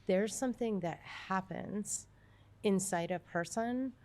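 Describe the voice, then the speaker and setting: A woman co-hosting a recovery podcast, thoughtful and affirming, often pausing with fillers. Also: mid-range voice, darkish tone. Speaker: podcast co-host, recovery meeting leader. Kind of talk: casual podcast conversation.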